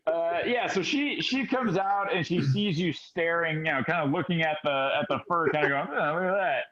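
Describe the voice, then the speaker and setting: Man running a tabletop game, fairly high voice, hesitant delivery, dull lo-fi audio. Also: a bit bright. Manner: halting, many fillers and restarts. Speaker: game master.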